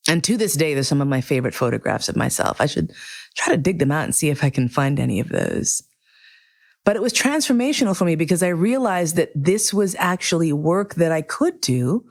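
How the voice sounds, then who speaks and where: A middle-aged woman hosting a podcast, telling a personal story in a candid, profane, animated way. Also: fairly low pitch. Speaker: podcast host. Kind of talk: casual storytelling monologue.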